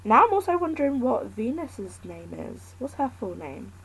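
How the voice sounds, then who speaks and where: A woman's voice: on the high side, sing-song, moderate pace, fairly bright tone, breathy edge, poor audio. A woman talking alone in a casual, candid chat, thinking aloud and rambling between points.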